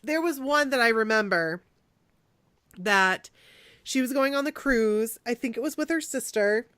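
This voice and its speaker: A woman's voice: a little high, unhurried, fairly bright tone, no echo, clean studio sound. A woman in her forties, guest co-host of a podcast, chatting in a bubbly, enthusiastic way. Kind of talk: casual chat.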